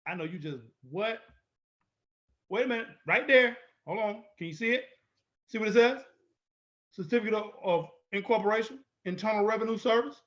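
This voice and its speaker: Man, higher-pitched, bold and confrontational instructor; dull lo-fi recording. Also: fairly quick. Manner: emphatic, repetitive, bold and confrontational. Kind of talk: lecture-style video walkthrough.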